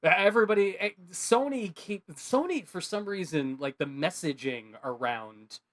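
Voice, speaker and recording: A man co-hosting a podcast in casual chat, rambling and animated, with heavy filler words. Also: high voice, moderate pace. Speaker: podcast co-host.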